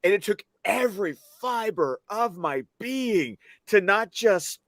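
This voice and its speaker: A man's voice: high voice, expressive, takes it slowly, fairly bright tone, dry recording, clean studio sound. A married man telling stories on a film stream panel, laughing as he talks. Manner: storytelling, laughs while talking. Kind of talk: casual chat.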